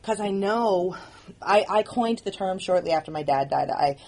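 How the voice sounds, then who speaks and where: A woman who both writes and produces the show gives candid audio commentary in an animated, mid-range voice with a slightly mellow quality. She speaks earnestly, stops and starts, and frequently begins her sentences over.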